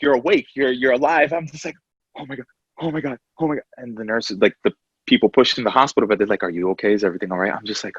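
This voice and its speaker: A young man co-host telling a reflective personal story in a measured, thoughtful way. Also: mid-range voice, fairly bright tone, no room sound. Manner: measured, reflective, uses comparisons. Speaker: podcast co-host. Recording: dry, slightly muffled.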